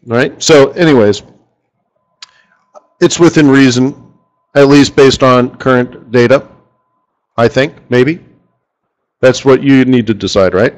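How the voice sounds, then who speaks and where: A man hosting a live currency trading strategy session in front of a room, talking in an animated, joking way and firing off rhetorical questions at the audience. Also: medium pitch, slow, long pauses, poor audio.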